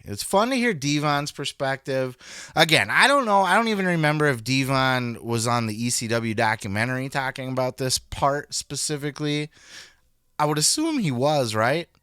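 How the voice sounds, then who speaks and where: A male podcast host gives blunt, profane commentary, reacting with animated disbelief. His voice has a bright, sharp edge. The sound is dry and close, with no room around it. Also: mid-range voice, smooth, dry recording. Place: indoors, sirens passing outside.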